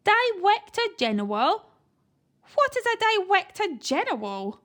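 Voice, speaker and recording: Woman doing a deaf old granny, high and loud, barking, slow and bossy, storybook. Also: sing-song, heavily acted. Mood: shouting. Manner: loud, barking, mishears everything.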